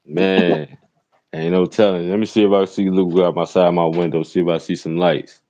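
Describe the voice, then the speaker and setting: Chicago guy ranting in his car, low-ish voice, cussing nonstop, says real talk a lot. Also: level tone, normal speed, mellow. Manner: loose, profane, repeats "real talk". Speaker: rideshare driver and show host. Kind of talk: profane ranting commentary. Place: inside a car.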